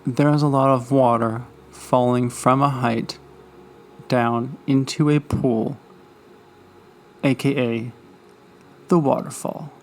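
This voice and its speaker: A man's voice: medium pitch, steady tone, slow pace, pauses often. A man hosting a travel vlog, narrating in a playful, teasing, mock-dramatic way.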